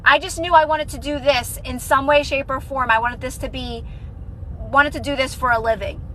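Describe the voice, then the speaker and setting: This high-pitched, sharp-toned woman keeps fairly even intonation and a moderate pace, though the recording is rough with slight background noise. A young adult manifestation creator, she answers viewers on her phone stream in an earnest, encouraging ramble, often restarting sentences and filling gaps with "like."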